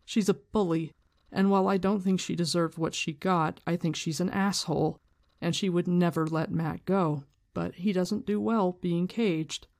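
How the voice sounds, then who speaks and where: A candid book commentator who mixes reading aloud with casual, opinionated remarks. The voice sits at a middle pitch. The talk is loose and frank, with some swearing. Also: fairly even intonation, normal speed, vocal fry, darkish tone.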